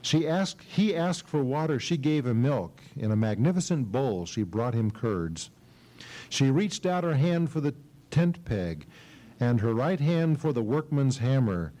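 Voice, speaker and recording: A man's voice: mid-range voice, very animated, unhurried, dark tone, rough recording. A middle-aged male pastor preaching an expository sermon at a church service, reading scripture dramatically and asking his class questions.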